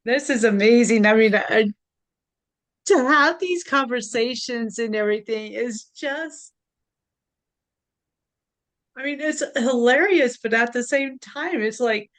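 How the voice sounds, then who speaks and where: A woman's voice: fairly high pitch, slow pace, long pauses. A woman hosting a talk show, reacting to her guest's story with amazement and laughter. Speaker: host. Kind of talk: casual chat.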